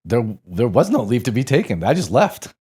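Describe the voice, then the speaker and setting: A man in his forties, a podcast guest telling stories in a relaxed, rambling, salty way, full of fillers and the odd curse. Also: medium pitch, normal speed, breathy edge. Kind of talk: casual storytelling interview.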